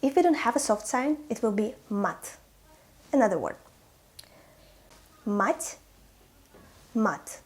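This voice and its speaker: A young woman leads a pronunciation lesson in a slightly high voice. She speaks clearly and deliberately, repeating each example word so learners can copy it. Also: expressive, darkish tone. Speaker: language teacher.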